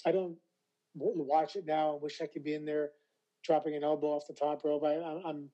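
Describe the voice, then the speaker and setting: Bright-voiced Canadian man telling stories. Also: a little high, fairly quick, muffled recording. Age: 40s. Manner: animated storyteller, acts out quoted voices. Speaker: guest, retired wrestler. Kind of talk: casual interview.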